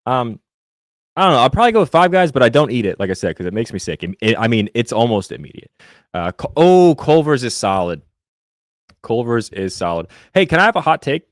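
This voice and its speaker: A young man from Indiana co-hosting a podcast, chatting casually about football and fast food and reading the live chat, rambling with many fillers and restarts. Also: mid-range voice, very animated, no room sound, clean studio sound. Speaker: podcast co-host.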